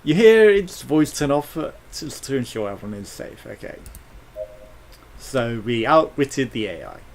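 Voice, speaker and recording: A man's voice: medium pitch, big pitch swings, a little slow, vocal fry, a little mellow, slight background noise. A British man commentating a space game, reading its text aloud with jokes and swearing. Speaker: let's play host.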